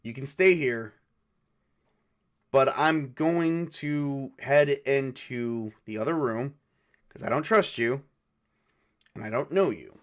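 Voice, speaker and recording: A man playing a cautious, level-headed coder who speaks in a calming, reassuring way. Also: medium pitch, slow, long pauses. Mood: guarded.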